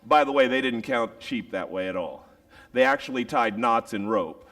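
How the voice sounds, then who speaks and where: A man who is a teacher and preacher, telling a story. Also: mid-range voice. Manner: animated storytelling with dramatic pauses. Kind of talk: storytelling sermon.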